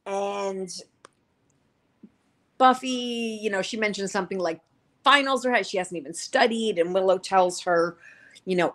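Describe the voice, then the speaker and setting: A woman's voice: medium pitch, normal speed. A woman co-hosting a show, casually recapping TV episodes in a rambling way, full of fillers and quoted lines. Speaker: podcast co-host reviewing a TV series.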